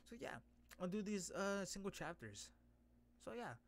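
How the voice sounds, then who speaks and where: Hyped guy reading a webtoon on stream, kinda high voice, lots of gasps. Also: measured pace. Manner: excitable, gasps and exclamations. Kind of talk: casual comic readthrough with reactions.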